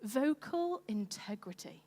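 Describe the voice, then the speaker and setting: A woman preaching a sermon in a lively, conversational way. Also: a little high, slow pace. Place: church hall. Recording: echoey church hall.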